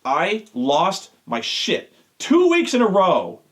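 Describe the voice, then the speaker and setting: A man's voice: high voice, huge pitch swings, takes it slowly. A man hosting a show, ranting with exasperation and heavy swearing. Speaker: show host. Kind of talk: profane rant.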